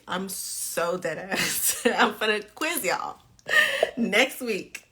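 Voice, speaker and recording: Slow-talking, bright-voiced woman tutor. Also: mid-range voice. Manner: playful, chatty, laughs often, reads questions aloud. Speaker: nursing exam tutor hosting a live quiz game. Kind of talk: casual live-stream quiz teaching.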